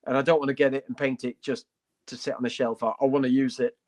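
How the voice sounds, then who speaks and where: A man co-hosting a laid-back hobby podcast, his voice sitting at an ordinary middle pitch. He talks with open enthusiasm and blunt, playful humor, riffing through his opinions. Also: level tone, fast, a little mellow. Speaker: podcast co-host. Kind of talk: casual hobby podcast chat.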